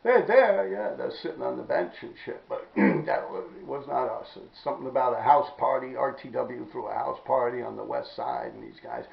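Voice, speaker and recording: Podcast host, New man, heavy vocal fry, blunt and profane, roomy dull recording. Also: mid-range voice, wildly swooping pitch, normal speed, few pauses. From New York City. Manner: blunt, profane, rambling, clears throat often. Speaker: podcast host telling graffiti stories. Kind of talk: casual storytelling monologue.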